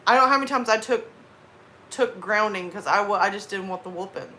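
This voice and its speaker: Talking fast in a bright, forceful voice of medium pitch, a woman in her thirties from the American South reads her livestream chat. She chats casually in a Southern US accent and rambles through asides. There's a little hiss or hum.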